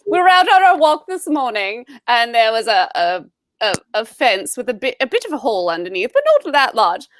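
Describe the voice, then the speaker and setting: A young woman chatting as a podcast co-host, giggly and excitable as she tells little stories. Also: fairly high pitch, fairly quick, dry recording. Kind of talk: casual chat.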